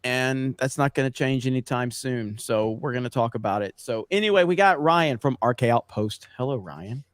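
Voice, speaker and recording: A man's voice: mid-range voice, normal speed, dry recording, studio quality. A man hosting a live-stream show, bantering and laughing with his panel. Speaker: host. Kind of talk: casual live-stream chat.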